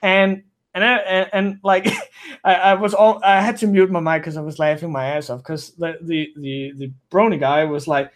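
Non-native English-speaking man, high voice, rambling podcast storyteller who keeps restarting. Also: little pitch movement, normal speed. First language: not English. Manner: rambling, frequent restarts and self-corrections. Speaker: guest storyteller. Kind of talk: casual podcast chat.

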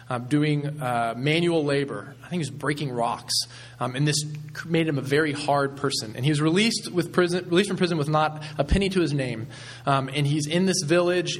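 A man preaching a sermon as pastor, retelling a story in a measured way with frequent ums. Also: fairly high pitch.

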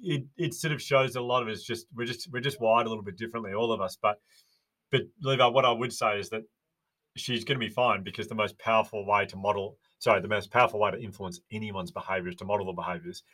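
A man talking warmly on a remote call as a podcast guest, earnest and storytelling. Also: lowish voice, steady tone, fast talker. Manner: earnest, storytelling with little voices. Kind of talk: casual podcast chat.

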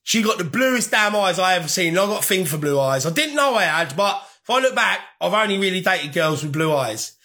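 A young man talks casually to his viewers, rambling, swearing freely and laughing as he goes. His voice sits high for a man and has a bright, forceful edge. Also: animated, brisk, hardly any pauses. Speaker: vlogger.

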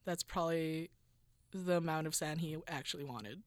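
A woman's voice: low-pitched, moderate pace, dry recording. A woman co-hosting a casual chat, reading reviews aloud and laughing often. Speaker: podcast co-host.

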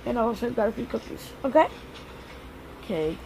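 A woman's voice: fairly high pitch, lively intonation, fairly quick, gravelly, mellow, slight background noise, poor audio. A woman vlogging outdoors as a mother, chatty and soothingly reassuring. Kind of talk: casual vlog. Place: outdoors on a path.

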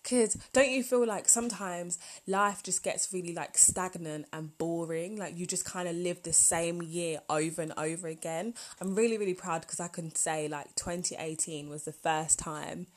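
A woman's voice: fairly low pitch, moderate pace, few pauses. A woman, hosting a solo podcast in a chatty, rambling, heartfelt way. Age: 20s. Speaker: podcast host. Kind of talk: casual solo podcast talk.

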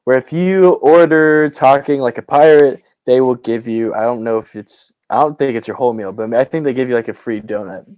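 A man's voice: medium pitch, brisk, hardly any pauses, darkish tone, dry recording. A man hosting a podcast in casual chat, playful and joking with his co-host.

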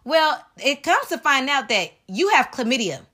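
A woman's voice: sits high, sing-song, moderate pace, bright, forceful tone, full character voice. A woman voicing a female doctor's office receptionist who delivers news in a casual, matter-of-fact way. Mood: breezy.

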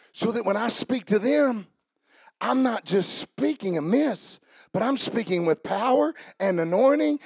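A man's voice: very high voice, creaky, no room sound, studio quality. A man preaching a sermon as a pastor, emphatic and rousing.

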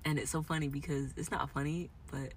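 A woman in a raw, emotional personal monologue, moving between quiet reflection and angry outbursts. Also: low-pitched, fairly even intonation, a little fast, a little hiss or hum.

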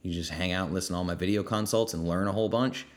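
A man hosting a casual Q&A podcast from his kitchen, energetic and blunt, reading out viewer comments and swearing freely. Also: low-pitched, rapid-fire. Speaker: podcast host. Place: home kitchen.

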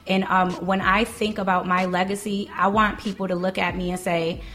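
Woman co-host, jokey and animated, mid-pitched, talks easily. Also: moderate pace. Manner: joking, animated. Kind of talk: casual podcast chat.

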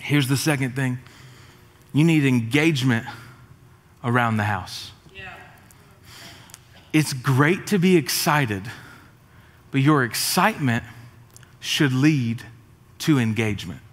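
A middle-aged man, preaching a sermon with jokes and energetic, rising emphasis. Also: medium pitch, takes it slowly, pauses often. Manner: energetic, joking, rising to shouts. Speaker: pastor. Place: church auditorium. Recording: reverberant church hall.

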